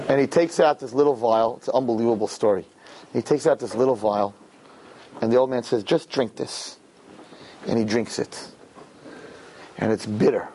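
A man telling a parable in a conversational, animated way, often checking in with "right?". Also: medium pitch, brisk, long pauses, noisy background. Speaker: storyteller. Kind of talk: animated storytelling talk.

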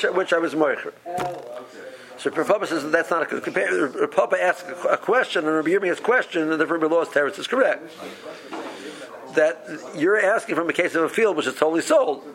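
A man teaching a Talmud study session, explaining the text with animated quoting and frequent restarts. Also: fairly high pitch. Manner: animated, acts out the rabbis' voices, many restarts.

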